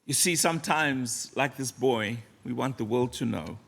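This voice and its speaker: A man preaching a sermon in a church, earnest and storytelling, often dropping to a soft, low voice. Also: normal speed, gravelly.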